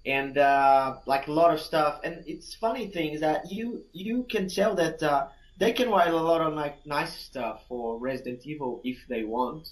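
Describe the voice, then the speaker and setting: Man, fairly high voice, casual podcast chat, rambling, lots of restarts and fillers. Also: unhurried, hardly any pauses, poor audio. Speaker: podcast co-host.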